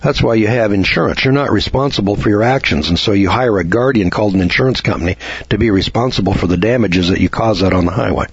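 A middle-aged man lectures on a radio program with a folksy, storytelling manner and plenty of rhetorical questions. His voice is fairly low and husky. The recording is dry and lo-fi. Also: fast talker, dry recording.

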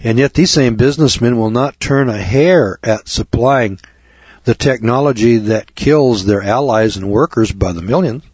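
A slightly rough, darkish voice of medium pitch carries this talk radio monologue at a moderate pace. The host rants sarcastically with rhetorical questions, treating his listeners as kids. The recording is dry, and the broadcast sounds dull and lo-fi.

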